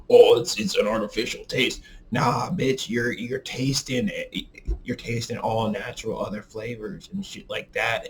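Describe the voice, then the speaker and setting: A man's voice: fairly low pitch, vocal fry, a little hiss or hum. A young man talking casually to his viewers in a rambling, profane, heated rant. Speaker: vlogger reviewing vape carts.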